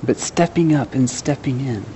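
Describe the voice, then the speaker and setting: A man's voice: medium pitch, normal speed, mellow, a little hiss or hum. A man preaching a sermon, earnestly putting questions to his congregation with some self-deprecating humor. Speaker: pastor.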